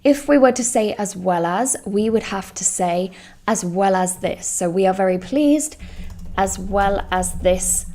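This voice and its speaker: Slow, emphatic woman teaching English. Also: medium pitch, mellow. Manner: slow, clear and emphatic, stresses example words. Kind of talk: live online English lesson.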